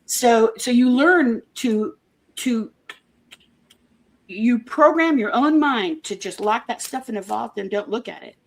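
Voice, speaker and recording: Earnest woman guest, halting and chatty. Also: a little high, expressive. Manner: earnest and halting, with many restarts and homely comparisons. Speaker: interview guest, former member of a church group. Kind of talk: casual conversational interview.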